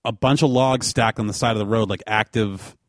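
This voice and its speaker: A man's voice: lowish voice, a little fast, no echo. Dry-sounding man telling a long story. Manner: rambling, animated storytelling with fillers. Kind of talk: casual chat.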